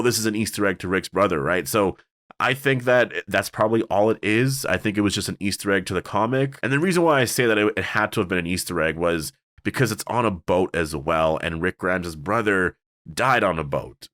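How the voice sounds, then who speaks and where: Man, very low voice, casual solo review, rambling, fillers, dry sound. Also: fairly bright tone, no room sound. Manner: rambling, many fillers and restarts. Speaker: TV show reviewer.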